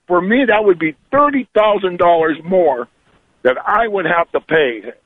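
Man, trucker caller, angry ranting, higher voice, phone-line sound, dry. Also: lively intonation, moderate pace, no echo. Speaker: caller, truck owner-operator. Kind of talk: radio call-in.

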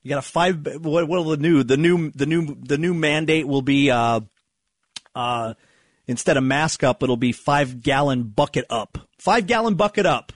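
A man's voice: mid-range voice, steady tone, normal speed, no room sound, studio quality. A man hosting a casual political monologue, rambling and sarcastic, restarting his sentences and sighing. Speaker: political commentary host.

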